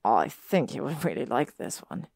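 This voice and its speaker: A woman voicing an earnest, studious teenage wizard boy in a measured way, read from a story. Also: a bass voice, sing-song, gravelly, darkish tone, slightly rough, no room sound, clean studio sound, voice pushed down, exaggerated voice.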